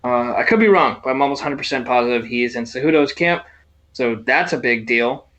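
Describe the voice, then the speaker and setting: A man co-hosting a casual fight-sports podcast, excitable and jokey with lots of swearing. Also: medium pitch, a little fast, highs cut off. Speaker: podcast co-host.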